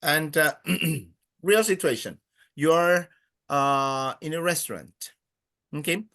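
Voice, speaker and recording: Man, Spanish teacher, slow-paced, patient, hesitant pauses, classroom. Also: fairly high pitch, sharp tone, no room sound, studio quality. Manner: patient, prompts the class and praises answers. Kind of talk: classroom language lesson.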